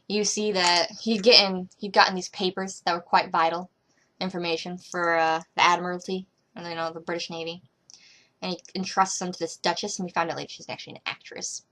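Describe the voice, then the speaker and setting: Rambling young woman vlogging casually. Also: on the low side. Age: young adult. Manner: rambling, with many fillers and restarts, trailing off quietly.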